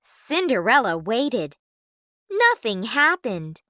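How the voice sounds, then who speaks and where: Expressive woman reading a children's story. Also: a little high, takes it slowly, no echo, clean studio sound.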